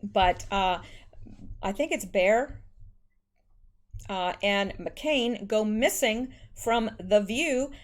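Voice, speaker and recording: A woman's voice: medium pitch, very slow, pauses often. A woman hosting a political commentary show, reading news articles aloud and adding sarcastic, scornful asides with many fillers. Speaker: political commentary channel host.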